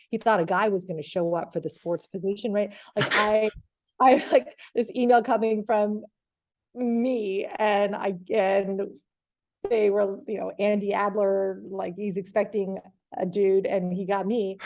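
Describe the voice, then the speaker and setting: A woman in her thirties, a TV reporter telling her career story in a casual interview, rambling with lots of "like" and lively retellings. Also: mid-range voice, measured pace. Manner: rambling, heavy use of "like", animated retelling. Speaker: TV sports reporter, guest.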